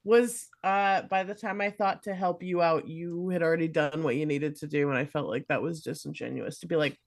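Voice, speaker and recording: A woman's voice: low-pitched, fairly even intonation, brisk, creaky. Wry woman playing a tabletop game. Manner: wry, self-mocking. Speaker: player. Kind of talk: casual tabletop play over a video call.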